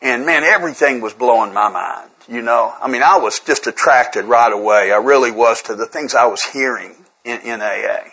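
A man's voice: mid-range voice, moderate pace, hardly any pauses, bright, forceful tone, slightly rough, low-quality recording. A man speaking candidly to a recovery group in a conversational, self-deprecating way, often repeating words as he restarts his sentences. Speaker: speaker sharing at a twelve-step recovery workshop.

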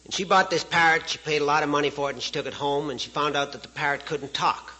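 A man's voice: a little high, steady tone, fast, pushed and bright, poor audio. A man from Saskatchewan, giving a speech as a guest speaker in a folksy, joking way and chuckling at his own stories. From Canada, Saskatchewan. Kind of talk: storytelling speech to an audience.

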